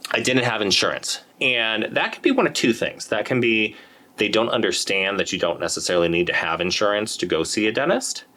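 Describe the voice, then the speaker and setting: A man's voice: fairly low pitch, animated, a little fast, bright, forceful tone. A man giving a casual, conversational lecture to other dentists, acting out patient quotes now and then. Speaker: endodontist educator. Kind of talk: lecture presentation.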